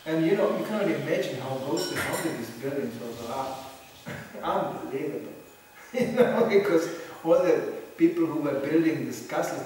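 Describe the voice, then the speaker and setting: A man's voice: on the high side, darkish tone, a little hiss or hum. A man giving a religious talk, telling anecdotes, laughing often and acting out what others said. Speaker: spiritual teacher. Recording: echoey hall, from far off.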